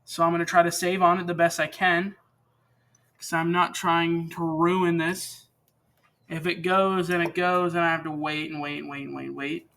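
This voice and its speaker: A man's voice: on the high side, level tone, moderate pace, bright, forceful tone. A teenage boy hosting a casual how-to, rambling and chatty as he works at a home workbench, often correcting himself. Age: teens. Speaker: channel host demonstrating repair.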